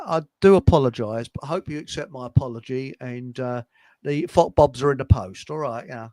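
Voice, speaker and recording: A man's voice: mid-range voice, fairly quick, mellow, no room sound. An older man hosting a casual radio chat, joking and laughing often. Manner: chatty, laughs often, jokey asides. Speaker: host.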